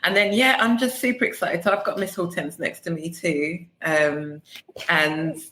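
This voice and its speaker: A woman's voice: on the low side, steady tone, normal speed, a bit bright, roomy sound. A woman, a debut novelist, chatting as a guest on a podcast, thoughtful and full of fillers. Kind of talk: casual interview.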